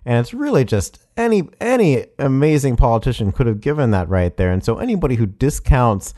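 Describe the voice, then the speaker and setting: A man's voice: medium pitch, big pitch swings, fairly quick, dark tone. A man commenting on a speech clip in a conversational, admiring way, with fillers and self-corrections.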